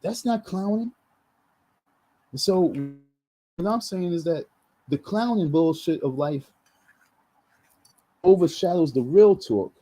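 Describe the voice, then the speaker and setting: A man's voice: sits high, animated, takes it slowly, long pauses, dark tone, poor audio. A man venting in a heated, repetitive rant on his vlog, full of restarts and slang. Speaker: vlogger.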